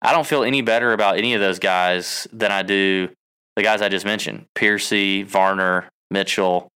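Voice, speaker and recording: Smooth, low-voiced man listing picks. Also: fairly even intonation, pushed and bright. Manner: lists names briskly, hedging with "I believe". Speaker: podcast co-host. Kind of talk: casual podcast chat.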